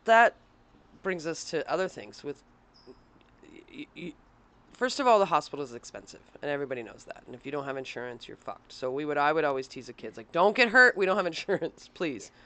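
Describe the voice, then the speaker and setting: A woman's voice: sits low, animated, a little fast. Blunt, swearing woman telling stories. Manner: blunt, swears freely, laughs mid-story. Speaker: podcast co-host and parent. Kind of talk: casual chat, storytelling.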